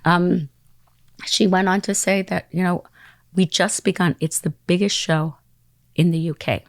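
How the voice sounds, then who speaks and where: A middle-aged woman spinning a lively anecdote as a podcast guest. Her voice sits a little low for a woman and comes across dry and close. She acts out other people's lines and sometimes drops into a whisper. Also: a little slow, no room sound. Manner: acts out quoted voices and phone calls, dropping into whispers. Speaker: interview guest. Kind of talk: animated storytelling.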